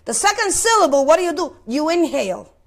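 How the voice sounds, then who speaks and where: High-voiced woman preaching a sermon. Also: big pitch swings, fairly quick. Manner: asks the congregation questions, repeats words while searching. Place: place of worship.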